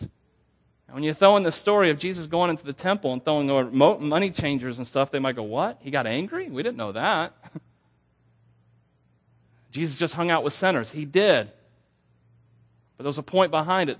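Animated preacher man with a higher voice. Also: normal speed, pauses often. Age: young adult. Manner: animated, self-deprecating storytelling with laughs. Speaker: pastor. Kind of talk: sermon.

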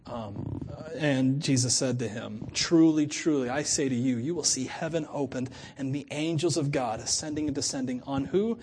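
A middle-aged man preaching a sermon to his church in a chatty, animated way, laughing often and acting out quoted voices. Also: a little high, moderate pace, slightly rough. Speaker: pastor.

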